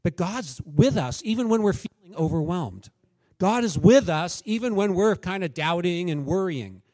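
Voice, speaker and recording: A man's voice: sits high, lively intonation, normal speed, darkish tone, no room sound. A man preaching a sermon as pastor, candid and conversational, telling stories and acting out quotes.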